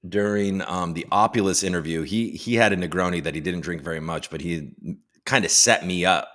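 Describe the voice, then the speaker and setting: He speaks a little fast in a low, steady voice with a fairly bright tone. The livestream host keeps things casual, rambling, cracking jokes with lots of swearing, teasing viewers and reading headlines aloud in profane, self-mocking banter.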